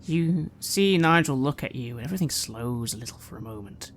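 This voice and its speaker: Woman game master, very low voice, measured, dramatic narration, tabletop horror game. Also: lively intonation, a little hiss or hum.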